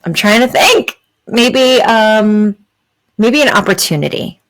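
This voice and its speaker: A woman's voice: a little high, expressive, slow pace, fairly bright tone, low-quality recording. A woman hosting a spiritual podcast, talking in an earnest, explanatory way with many fillers and "right?" asides. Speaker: podcast host. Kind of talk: spiritual talk, reflective and explanatory.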